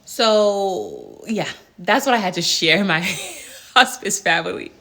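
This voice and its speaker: A woman hospice nurse telling a work story in a casual vlog, in an animated, exasperated way with many rhetorical questions. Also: medium pitch, takes it slowly, creaky.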